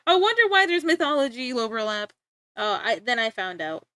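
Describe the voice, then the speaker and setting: A woman's voice: fairly high pitch, big pitch swings, fairly quick, pushed and bright, dry recording. A young woman streaming live, rambling and joking in casual chat with frequent laughter.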